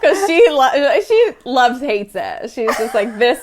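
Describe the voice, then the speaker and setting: Woman in her thirties, high voice, very lively pitch, chatty interview guest, laughs a lot. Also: slow pace, a crowd in the background. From Florida, American South. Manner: animated storyteller, laughing often. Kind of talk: casual interview chat.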